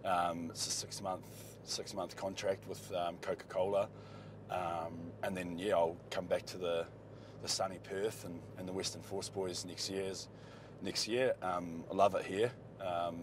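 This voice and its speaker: Kiwi bloke, really low voice, relaxed and umming a lot, chatting in a ute. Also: male voice, normal speed, noisy background. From New Zealand. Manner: laid-back, hesitant with many ums. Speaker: rugby player. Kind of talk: casual in-car chat. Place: inside a moving ute.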